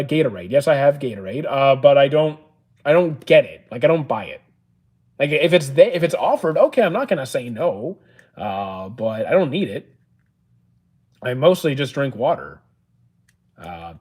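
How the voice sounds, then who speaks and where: A man's voice: medium pitch, a little mellow. A man streaming live, reading viewers' questions aloud and answering them plainly, with frequent "uh"s. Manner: reads chat questions aloud, answers matter-of-factly with many "uh"s.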